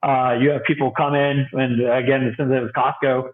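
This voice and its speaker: This young man, a bi-vocational youth pastor guesting on a podcast, talks casually at a moderate pace in a mid-range voice. He's lively in his storytelling, voicing the characters he quotes and laughing often, though the recording comes through thin and phone-like.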